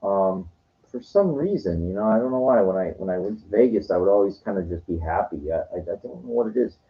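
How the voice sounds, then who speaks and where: A man's voice: sits low, expressive, fairly quick. A man telling rambling stories in a casual monologue, swearing now and then. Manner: rambling, profane storytelling. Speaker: vlogger. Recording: dull lo-fi recording.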